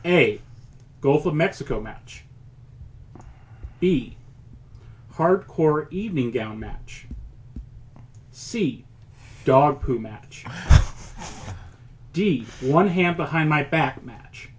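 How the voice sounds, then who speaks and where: Man reading trivia options, slightly high. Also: expressive, a little hiss or hum, poor audio. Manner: reads answer options deliberately, with chuckles. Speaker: quiz host. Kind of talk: reading trivia questions on a podcast.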